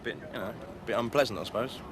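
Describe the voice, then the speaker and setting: A football supporter answering questions in a hesitant, understated way. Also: male voice, mid-range voice, quick pace. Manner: hesitant, understated, full of fillers. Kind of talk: interview answer. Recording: street noise outdoors.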